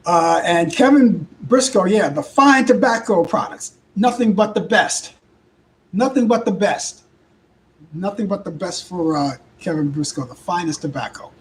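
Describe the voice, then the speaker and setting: A hoarse older man with a Brooklyn accent, hosting a live talk show in rambling casual chat with halting restarts. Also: high-pitched, low-quality recording. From Brooklyn, New York. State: hoarse, voice worn out. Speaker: host.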